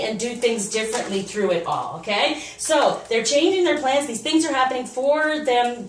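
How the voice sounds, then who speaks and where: A woman giving a casual spoken tarot reading as a spiritual coach, upbeat and encouraging. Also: fairly high pitch. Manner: upbeat, encouraging, animated with laughs and quoted asides. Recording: echoey room, voice a bit far from the mic, faint noise.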